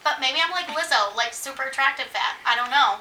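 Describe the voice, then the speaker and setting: High bright woman in an echoey room. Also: a little fast, far from the mic. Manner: animated storyteller acting out quotes. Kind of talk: casual chat.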